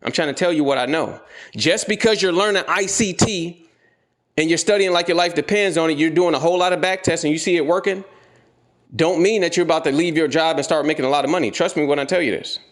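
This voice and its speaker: A man's voice: fairly high pitch, fast. A man giving a blunt, profane motivational rant as a trading educator, repeating his points and confronting the listener directly.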